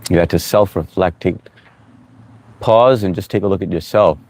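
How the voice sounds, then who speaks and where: A man hosting a casual live stream, greeting viewers by name, reading their chat comments aloud and giving relaxed, encouraging advice. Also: low-pitched, moderate pace, a little hiss or hum.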